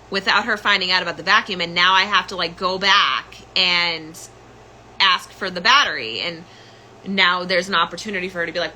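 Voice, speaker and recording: A woman's voice: fairly low pitch, brisk, pushed and bright, slight background noise, rough recording. A young woman hosting a podcast, telling a personal story in a rambling, casual way full of "like" and "um". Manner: rambling, filler-heavy, full of "like" and "um". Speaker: podcast host.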